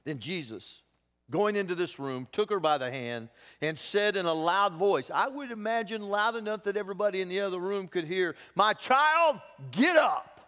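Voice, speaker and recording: In a church sanctuary thick with long hall reverb, a man serving as pastor preaches at a normal speed in a high, slightly bright voice. Telling the story animatedly, he gives voice to each person he quotes.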